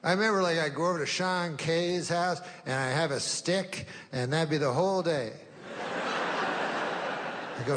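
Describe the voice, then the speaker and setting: A man doing stand-up comedy, with a deadpan, rambling delivery. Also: a little high, moderate pace, pauses often. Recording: reverberant club hall, faint noise.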